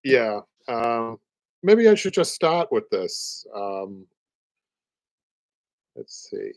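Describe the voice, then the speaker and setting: Speaking extremely slowly yet very animated, a man with a medium-pitched, slightly mellow voice hosts a live upholstery show, recorded with no echo. He is in his sixties, from the Boston area with a Boston accent, and chats in a rambling way, repeating words and laughing often.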